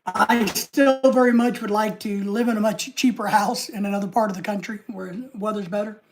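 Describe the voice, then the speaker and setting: A woman's voice: medium pitch, steady tone, a little fast. A woman hosting a casual live stream, rambling and reading viewer comments aloud.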